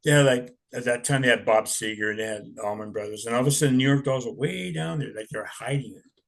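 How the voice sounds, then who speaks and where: A man's voice: medium pitch, fast talker, creaky. A man in his sixties telling stories in a rambling, laid-back way, swearing often. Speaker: interviewee, punk musician. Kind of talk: casual storytelling.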